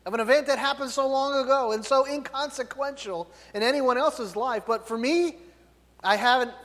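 Emphatic preacher man in a reverberant hall. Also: very high-pitched. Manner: loud, emphatic, tag questions. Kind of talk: sermon.

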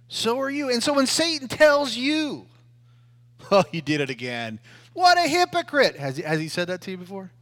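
A middle-aged man preaching a sermon, telling his own story with loud emphasis and hushed asides. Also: high-pitched. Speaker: pastor.

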